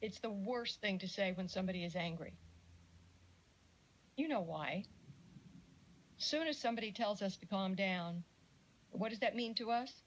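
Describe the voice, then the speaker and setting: A woman's voice: medium pitch, normal speed, pauses often, slight background noise, poor audio. Chatty woman giving a casual talk. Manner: chatty, animated, with jokey asides and acted-out quotes. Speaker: speaker giving a talk on parenting. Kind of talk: casual lecture.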